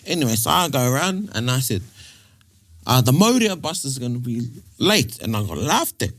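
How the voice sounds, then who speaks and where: A playful man who drops into quick impressions as he chats. His pitch swings widely from phrase to phrase. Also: very animated, a bit bright. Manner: playful storytelling, mimicking voices.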